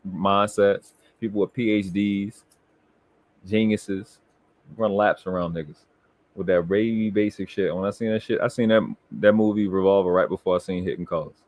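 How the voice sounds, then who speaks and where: A man's voice: low voice, no echo. Boastful, profane man on a live stream. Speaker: co-host. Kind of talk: casual live-stream chat.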